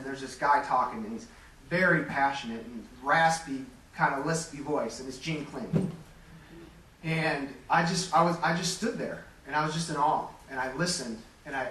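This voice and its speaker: Accepting induction into a Hall of Fame, a Metro Detroit man of around forty tells honest, self-deprecating tales in a forceful, bright, somewhat high voice. The recording comes from a distant mic in a large hall, with echo and a slight hum.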